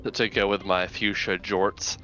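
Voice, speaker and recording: Bright-voiced wisecracking young man. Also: sits low, level tone, moderate pace, lo-fi sound, faint music behind. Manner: wisecracking and complaining. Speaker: co-op gaming partner. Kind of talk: casual gameplay chat.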